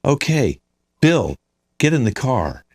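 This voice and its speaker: A man's voice: mid-range voice, sing-song, slow pace, darkish tone. A man hosting a live improv scene as a driver, announcing each passenger and their quirk. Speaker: improv host playing ride driver.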